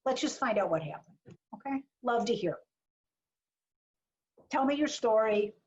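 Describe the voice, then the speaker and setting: A woman's voice: on the high side, animated, measured pace, a little mellow. A woman marketing advisor giving a chatty, blunt webinar talk full of jokes and asides over a video call. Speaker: small business marketing advisor. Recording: dull lo-fi webinar audio.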